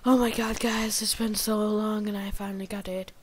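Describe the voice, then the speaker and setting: A woman from India with an Indian accent giving let's-play commentary, excitable, muttering and whispering to herself between loud outbursts. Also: medium pitch, moderate pace, a little hiss or hum. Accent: Indian English. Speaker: gamer.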